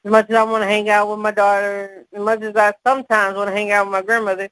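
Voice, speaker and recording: A woman, a mother and podcast co-host, chatting casually and telling animated stories with frequent laughs. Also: mid-range voice, quick pace, no echo, low-quality recording. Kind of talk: casual chat.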